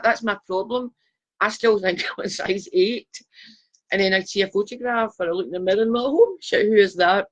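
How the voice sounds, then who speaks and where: A middle-aged psychic with a Glasgow Scottish accent hosts a casual live stream, her voice fairly low and fairly bright, though the audio sounds dull. She chats along, pokes fun at herself, and greets viewers by name.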